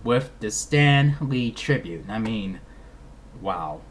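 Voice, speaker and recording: A man's voice: fairly low pitch, slow, a little hiss or hum. Rambling man reviewing a movie. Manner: rambling, many restarts and "I mean"s, animated. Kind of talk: casual spoiler review vlog.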